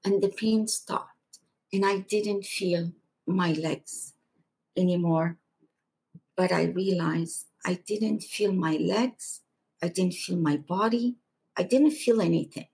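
A woman guest on a podcast, earnestly recounting a personal testimony and going hushed for the quieter moments. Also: fairly low pitch, takes it slowly, vocal fry, breathy edge.

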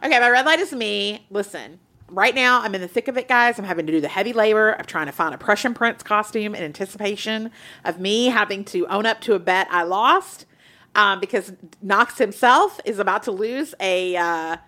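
A woman co-hosting a podcast in casual chat, animated and playful. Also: medium pitch, moderate pace. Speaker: podcast co-host.

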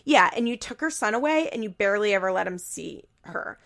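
A woman putting on the voice of an angry man scolding and shouting sarcastically during a family argument. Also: medium pitch, lively intonation, a little fast, creaky. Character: angry man shouting at his girlfriend's mother.

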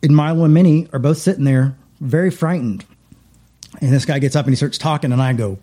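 This man, a middle-aged pastor, speaks a little fast in a fairly high, warm voice. It's casual, rambling conversation where he keeps restarting and repeating words.

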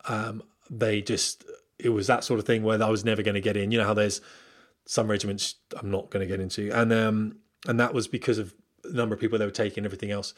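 Fast-talking man giving candid career advice. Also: lowish voice, level tone. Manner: candid, rambling, with frequent fillers and restarts. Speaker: former military pilot giving career advice. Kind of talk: casual monologue to viewers.

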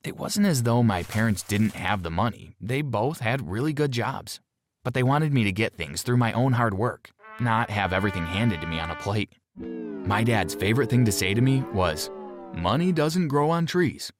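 Low-voiced man narrating a story over music. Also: expressive, moderate pace. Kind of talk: first-person story narration. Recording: music bed underneath.

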